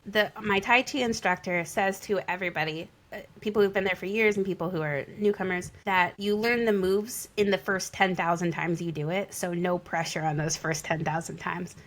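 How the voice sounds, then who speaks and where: A woman co-hosting a podcast in casual chat, bubbly and quick to gush over her guest's stories. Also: fairly low pitch, fairly even intonation, a bit bright. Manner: bubbly, gushing reactions. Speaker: podcast co-host.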